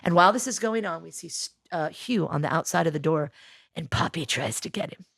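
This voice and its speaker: A woman's voice: low voice, brisk, creaky, a bit bright, slightly rough, no room sound, clean studio sound. A woman guest on a podcast, retelling a TV show with energy and acting out the characters' lines in a casual chat.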